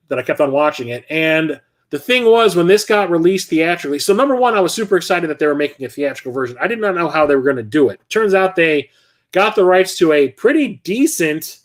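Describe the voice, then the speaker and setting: A middle-aged man hosting a stream about his film collection, chatting casually and rambling with lots of fillers and the odd curse. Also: fairly high pitch.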